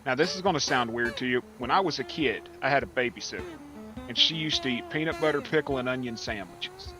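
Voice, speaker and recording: A man's voice: mid-range voice, very animated, brisk, music in the background. A man casually chatting during a gaming livestream, rambling through folksy, profane stories. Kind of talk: casual gaming stream chat.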